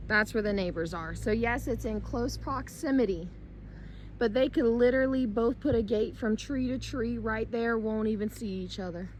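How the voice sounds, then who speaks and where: A woman's voice: on the high side, normal speed, rough recording. Woman, slightly strained voice, casual chatty vlog, outdoors, faint background noise, tractor behind. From United States. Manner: chatty, talking up loudly over machinery. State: losing her voice. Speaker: homestead vlogger. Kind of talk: casual walking tour vlog. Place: outdoors on rural hillside property. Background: tractor running nearby.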